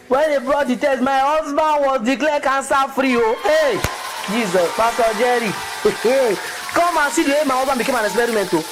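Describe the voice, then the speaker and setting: A woman with a Nigerian accent giving a fervent church testimony, breaking into high exclamations. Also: animated, measured pace, a little hiss or hum, poor audio. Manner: fervent, exclamatory, with sudden high emotional cries. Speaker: testimony giver.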